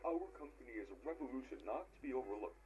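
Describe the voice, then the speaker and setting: A man's voice: mid-range voice, animated, rapid-fire, over music, close to an everyday voice. A man voicing a grand, pompous male restaurant company boss giving a corporate speech in a retro commercial.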